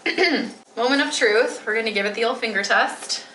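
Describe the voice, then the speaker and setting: Woman, 20s, from Metro Detroit; relaxed rambling kitchen vlog, filler-heavy, roomy echo. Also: on the high side, fairly quick, noisy background. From Metro Detroit, USA. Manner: chatty, rambling with many "like" fillers. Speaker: vlogger. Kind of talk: casual chat while baking. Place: home kitchen.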